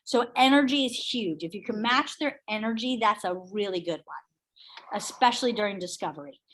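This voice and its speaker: A middle-aged woman leading a real estate sales training, chatty and energetic, telling stories to the room. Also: mid-range voice, normal speed, a little hiss or hum. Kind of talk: training workshop talk.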